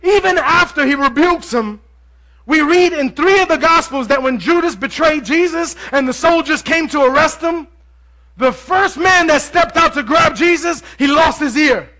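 A male preacher giving a lively, conversational sermon, joking with the congregation as he goes. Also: extremely high pitch, moderate pace.

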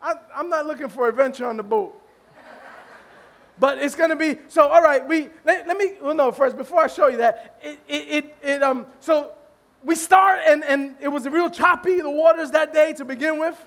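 A male pastor telling a humorous story during a sermon, animated and self-deprecating, laughing often and restarting his sentences. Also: extremely high pitch, moderate pace.

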